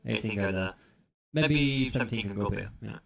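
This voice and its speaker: A man with a low, gravelly voice walks through game strategy with sure, explanatory confidence. He sounds like a content creator breaking down a map. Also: normal speed, a bit bright.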